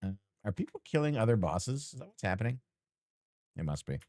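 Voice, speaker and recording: A man's voice: fairly low pitch, big pitch swings, a little fast, a little mellow, no room sound, clean studio sound. A man streamer chatting casually and teasingly with his chat while playing a game, rambling and joking.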